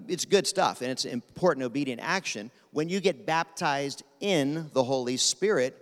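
A man from Pennsylvania, preaching a sermon as guest speaker in a quick, animated, rapid-fire way. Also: mid-range voice. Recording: long reverb of a large hall.

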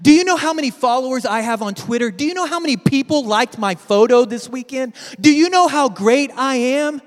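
A man preaching, voicing a boastful, arrogant ancient king who brags loudly. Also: very high voice, animated, fairly quick, long reverb tail, pitched above the performer's own voice.

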